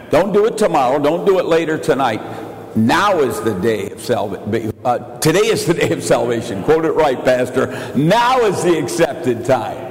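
Older male preacher in an echoey hall. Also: a little high. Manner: preaching that swings between shouted declarations and quiet confiding asides. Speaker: pastor. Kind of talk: evangelical sermon.

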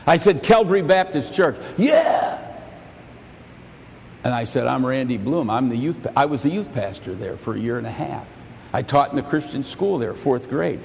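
A male pastor preaching a sermon. He stumbles over repeated words and swings between loud and soft. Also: mid-range voice, expressive, a little fast, vocal fry, long reverb tail, a little hiss or hum. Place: church sanctuary.

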